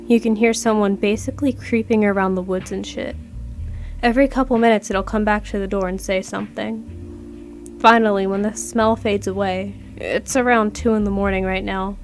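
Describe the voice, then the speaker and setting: Woman, horror story narrator, casual reading, profane, mid pitch, faint background music. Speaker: creepypasta narrator.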